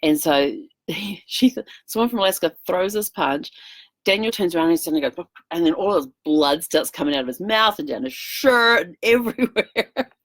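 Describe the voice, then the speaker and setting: A woman's voice: lowish voice, lively intonation, moderate pace, no room sound. A middle-aged woman vlogging in casual chat, telling a rambling story full of fillers. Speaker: travel vlogger.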